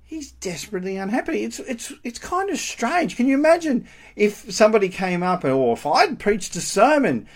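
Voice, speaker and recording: A man delivers a sermon with animated, emphatic energy. His pitch rises and falls widely as he poses rhetorical questions to the congregation. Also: normal speed, hardly any pauses. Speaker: preacher.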